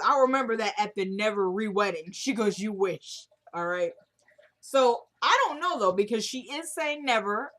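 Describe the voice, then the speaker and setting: A woman casually recapping a TV drama episode, opinionated and chatty, acting out characters' lines as she retells the scenes. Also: medium pitch. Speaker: show recap host.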